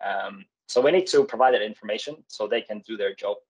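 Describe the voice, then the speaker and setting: A man presents over a video call, explaining workplace practice in a halting way. He fills pauses with many hesitations and restarts, in a plain mid-range voice. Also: lowish voice, husky, poor audio. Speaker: occupational hygienist presenter. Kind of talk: webinar presentation.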